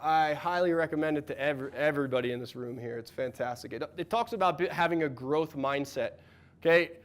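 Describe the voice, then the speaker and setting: A man, a mental performance coach, giving an energetic, encouraging workshop talk and asking the room questions. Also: a little high, a little fast. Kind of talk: workshop talk to a live audience.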